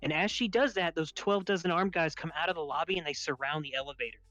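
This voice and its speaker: A man's voice: fairly high pitch, fast talker, no room sound, faint music behind. Young man telling a swear-heavy story. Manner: animated, laughing, swears freely. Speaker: podcast host. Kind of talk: casual storytelling chat. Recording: dull lo-fi dry sound.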